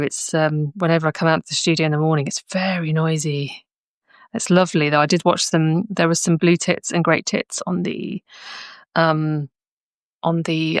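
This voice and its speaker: A woman's voice: low voice, dry recording, studio quality. A woman from southern England hosting a live art session, chatting casually with many restarts and frequent laughs. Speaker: art club host. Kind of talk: casual chat during a live sketch-along. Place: art studio.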